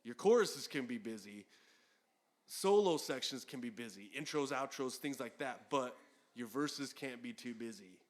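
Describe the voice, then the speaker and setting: A man's voice: medium pitch, normal speed. A man telling a story in casual chat at a house party, swearing a lot and acting out what people said. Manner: profane, animated storyteller acting out quotes. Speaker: former metal band guitarist, podcast guest.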